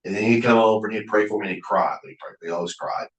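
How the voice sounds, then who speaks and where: Folksy man, deep voice. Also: quick pace. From Oklahoma. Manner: folksy, earnest, with frequent restarts and quoted dialogue. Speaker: guest speaker at a Bible college. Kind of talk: sermon-like leadership lecture with storytelling. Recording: echoey room.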